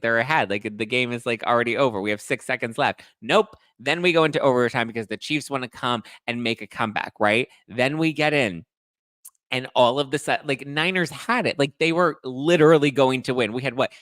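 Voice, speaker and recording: A young man chatting to camera as the host of a pop culture show. His voice sits fairly low and he talks in a gossipy, animated way, swearing here and there. The sound is dry and close, with no room around it. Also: no room sound. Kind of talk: casual chat to camera.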